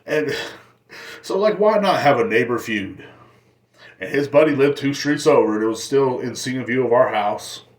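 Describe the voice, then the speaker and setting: A man's voice: mid-range voice, expressive, moderate pace. A young man hosting his own podcast, telling crude stories in a rambling way and laughing at his own jokes. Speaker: podcast host. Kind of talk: rambling solo podcast storytelling.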